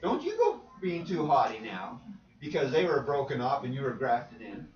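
A man's voice: mid-range voice, sing-song, moderate pace. A man preaching to a church class, asking questions and repeating points for emphasis. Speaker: preacher leading a Bible class. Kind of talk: interactive Bible teaching. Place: church meeting room. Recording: roomy, distant, dull sound.

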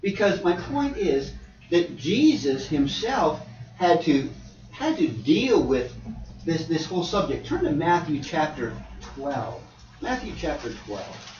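Animated preacher in an echoey hall. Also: male voice, on the high side, slow. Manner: animated, swings from loud to near-whisper, conversational asides. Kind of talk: sermon. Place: church hall. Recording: dull, roomy, distant church hall.

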